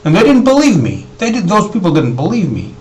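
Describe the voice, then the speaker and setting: Lively, rambling man's monologue. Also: sits high, brisk, poor audio. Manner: rambling, repetitive, with frequent restarts. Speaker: video blogger. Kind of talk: unscripted monologue to camera.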